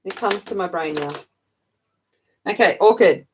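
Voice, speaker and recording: A middle-aged Australian woman chats to her viewers in a loose, playful way, breaking into giggles often. Her voice sits at an ordinary, middle pitch for a woman. She rambles and jokes as she hosts a livestream. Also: unhurried, a little hiss or hum. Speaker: livestream host. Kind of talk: casual chat with viewers while colouring.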